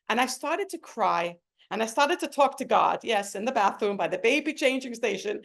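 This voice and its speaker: A middle-aged woman tells her own story of faith and loss. Her voice sits a little high, and her delivery is earnest and heartfelt. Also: lively intonation, moderate pace, gravelly. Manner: earnest, emotional storytelling with acted quotes. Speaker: speaker sharing a personal story. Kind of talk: personal testimony talk. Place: home.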